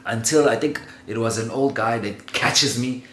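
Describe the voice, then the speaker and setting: Animated man telling a story. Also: mid-range voice, normal speed. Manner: animated, laughs through the telling, swears freely. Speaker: vlogger telling a childhood story. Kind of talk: casual personal storytelling. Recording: roomy echo with faint ambient noise.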